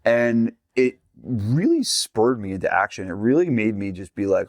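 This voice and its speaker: A middle-aged man hosting a casual business podcast, telling animated stories and often repeating words as he starts a sentence. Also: on the low side, moderate pace, dry recording, studio quality. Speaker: podcast host and gym business coach.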